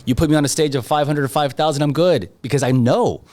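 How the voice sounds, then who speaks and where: In a fast, slightly high voice with a darkish tone, this podcast guest discusses his real estate work conversationally. His delivery is confident and emphatic, hammering points with brief repeated lines.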